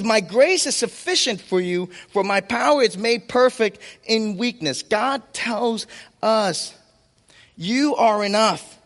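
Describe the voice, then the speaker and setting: A man with a very high voice preaches an impassioned sermon, leaning into key phrases by slowing right down. His voice rings out with long reverb, as in a large church hall. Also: a bit bright. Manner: impassioned preaching with emphatic slow-downs.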